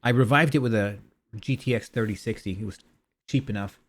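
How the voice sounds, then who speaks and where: A man streaming a video game in casual, rambling commentary. He often trails off into quiet mumbles. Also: on the low side, brisk.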